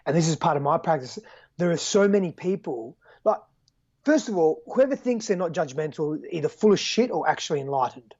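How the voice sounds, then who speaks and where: A man's voice: fairly high pitch, expressive, brisk, a little mellow, dry recording. An Australian man as a podcast guest, talking earnestly and reflectively, swearing casually and often tagging "right?" and "man". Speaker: guest coach. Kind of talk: candid podcast conversation. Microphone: video call. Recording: dull lo-fi video call audio.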